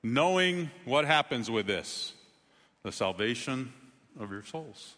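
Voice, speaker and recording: A man preaching a sermon in a conversational way, with sudden emphatic rises in pitch. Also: sing-song, slow pace, a bit bright, in a large hall. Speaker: pastor.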